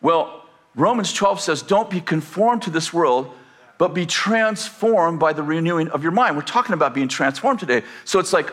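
A pastor with a fairly high, fairly bright voice preaches a sermon at a moderate pace, sounding animated. He asks the congregation rhetorical questions and acts out quoted voices.

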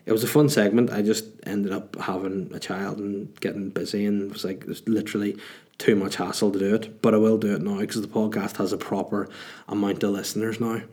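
Chatty low-voiced Northern Irish man. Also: level tone, a little fast, darkish tone. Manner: chatty, joking, rambling anecdotes. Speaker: podcast host. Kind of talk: casual chat answering listener questions.

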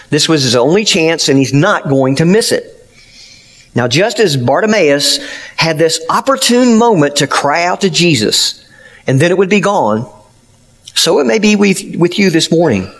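A man's voice: fairly high pitch, lively intonation, normal speed, a bit bright. A man pastor preaching a sermon, retelling a story earnestly with emphatic, plain-spoken applications.

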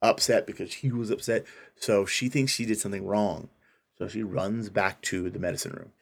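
A man's voice: fairly low pitch, fairly even intonation, moderate pace, creaky, slight background noise. A man co-hosting a casual podcast, retelling a film's plot and acting out the characters' lines. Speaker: podcast co-host. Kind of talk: casual chat retelling a film.

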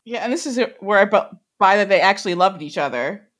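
Wisecracking woman with a lively voice. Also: mid-range voice. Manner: quick wry quips, laughing. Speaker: podcast co-host. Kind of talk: casual chat.

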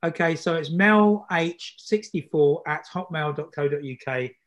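A man's voice: a little high, measured pace. A man hosting a podcast, chatty and upbeat with plenty of fillers. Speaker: podcast host. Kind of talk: casual podcast chat.

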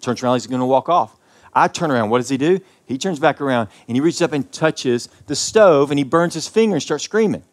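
Southern male pastor, impassioned sermon, loud peaks dropping to quiet lines. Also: medium pitch, expressive, fairly quick. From American South. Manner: impassioned preaching with big swings in loudness.

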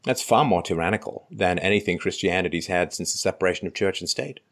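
A man in casual political discussion who argues in an animated way and tells anecdotes. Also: sits low, fast. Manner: animated, argumentative storyteller.

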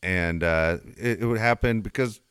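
A man's voice: low-pitched, moderate pace, fairly bright tone, smooth, no room sound, studio quality. A middle-aged man hosting a talk show, telling a story in an earnest, rambling way. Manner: earnest, rambling, with many restarts. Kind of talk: casual chat.

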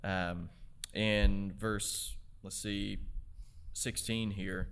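A man with a lowish voice speaks softly and in a measured way in a casual faith discussion. He talks calmly and thinks aloud as he goes. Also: creaky, smooth.

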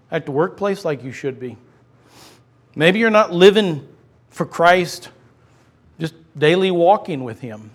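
Impassioned high-voiced male preacher. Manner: impassioned, swings from loud to hushed. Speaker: pastor. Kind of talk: sermon.

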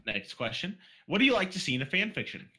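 Lively bright-voiced male podcast host. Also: high-pitched, fast talker. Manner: blunt, swears freely. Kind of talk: casual podcast chat, reading listener questions.

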